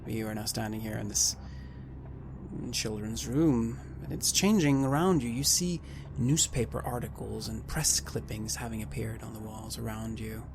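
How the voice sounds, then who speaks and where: A man acting as game master, calmly narrating scenes of a tabletop horror game to his players. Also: fairly low pitch, background noise. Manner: measured, describing scenes to players.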